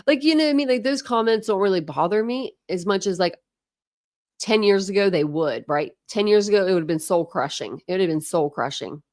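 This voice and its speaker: A woman in her thirties chatting casually with viewers on a livestream from home, frank and quick to laugh, thanking commenters by name. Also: medium pitch, animated, darkish tone, no room sound, clean studio sound. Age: 30s. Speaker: livestream host. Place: home, indoors.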